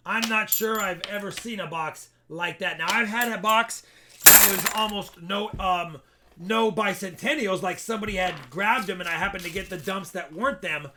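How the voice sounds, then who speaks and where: A man with a high, bright voice chats casually through his livestream, upbeat and friendly. He talks easily to his viewers and calls them brother. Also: normal speed, slight background noise. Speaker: livestream host. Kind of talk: casual livestream chat while coin roll hunting.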